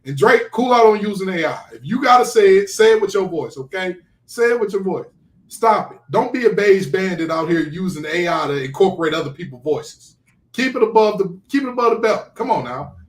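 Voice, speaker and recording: A man hosting a casual podcast, ranting in an animated, incredulous way. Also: sits high, brisk. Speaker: podcast host. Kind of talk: casual sports podcast chat. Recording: roomy echo.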